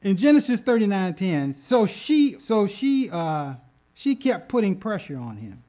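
A man preaching a sermon, retelling scripture with animated bursts and asking the congregation "okay?". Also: sits high, measured pace. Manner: animated, rises loud when acting out scripture; addresses congregation with "okay?" asides. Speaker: pastor.

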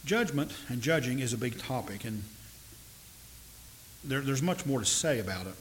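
Earnest male preacher, measured delivery. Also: mid-range voice, lively intonation, rough recording. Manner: measured, earnest, with slow emphatic stresses. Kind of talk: sermon. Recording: faint hiss.

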